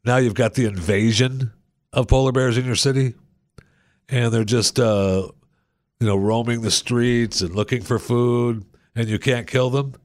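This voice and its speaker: A man's voice: mid-range voice, fairly even intonation, unhurried, a little mellow, no room sound, studio quality. A man hosting a radio talk show, chatting casually and jokingly and often repeating himself.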